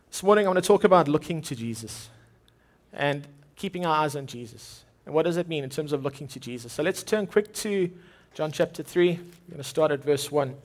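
Male preacher, fairly high voice, earnest sermon delivery with frequent word repeats. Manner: earnest, often repeats and restarts words.

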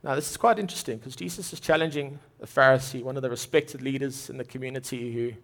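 A man's voice: mid-range voice, fast, creaky. A man preaching a sermon in an earnest way, often repeating and restarting words as he goes.

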